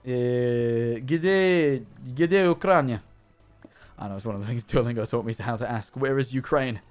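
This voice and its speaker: A man's voice: mid-range voice, fairly even intonation, very fast, darkish tone, soft background music. A man live streaming while he plays a game, talking in a rambling, chatty way with many restarts and fillers. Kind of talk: casual chat while playing a game.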